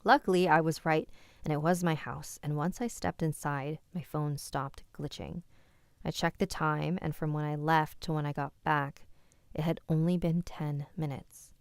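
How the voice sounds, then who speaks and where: A woman hosting a live stream, reading listener stories and chatting calmly with her chat. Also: low-pitched, normal speed, clear, resonant tone, no room sound. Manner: calm, conversational reading with soft asides.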